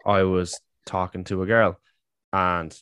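A man's voice: sits low, flat delivery, takes it slowly, fairly bright tone, clean tone, no room sound, studio quality. A man hosting a casual chat with an old friend, laughing often and swearing freely. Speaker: podcast host.

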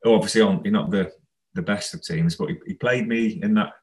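Low-voiced man telling a football story. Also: a little fast, poor audio. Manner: rambling, anecdotal, laughs while telling. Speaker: former footballer guest. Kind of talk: casual storytelling interview.

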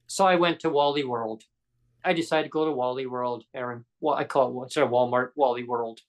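A man's voice: on the high side, fairly even intonation, moderate pace, low-quality recording. A man hosting a live-streamed podcast, telling a long story casually and acting out the dialogue he quotes. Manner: rambling, acts out quoted dialogue. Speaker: podcast host.

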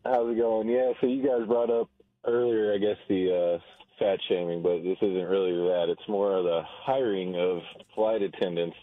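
A man's voice: deep voice, flat delivery, normal speed, dry recording, phone-quality sound. A man calling in to a radio show, hesitant at first and then blunt. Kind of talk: casual radio chat.

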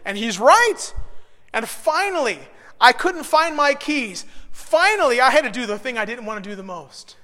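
Male pastor, 30s, high-pitched and bright, lively self-deprecating storyteller, long hall reverb. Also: fairly quick. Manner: animated, self-deprecating storyteller who builds to shouts. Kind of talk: sermon with personal storytelling.

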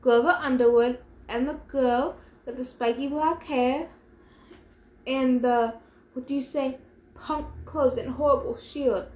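A man's voice: extremely high pitch, steady tone, measured pace. Cruel male soldier with a French accent for a storybook reading, put on by a woman; roomy sound. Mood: reporting. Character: sneering adult male soldier, cruel and scheming. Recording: roomy echo.

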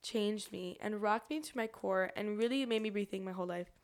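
A woman in her twenties, co-hosting a podcast, telling stories in casual chat with an excitable, animated manner. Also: medium pitch, a little fast. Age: 20s. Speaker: podcast co-host.

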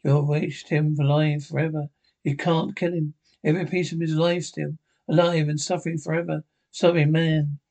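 A man reading a horror film script aloud, with dialogue and sound cues, in a flat way with small slips. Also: fairly high pitch, normal speed. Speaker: reader.

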